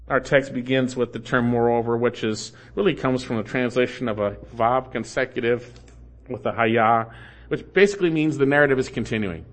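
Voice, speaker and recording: A man's voice: medium pitch, moderate pace. A man preaching an expository sermon, explaining the Hebrew text and repeating key phrases with rising emphasis. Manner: explains Hebrew grammar in a teaching tone. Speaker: pastor.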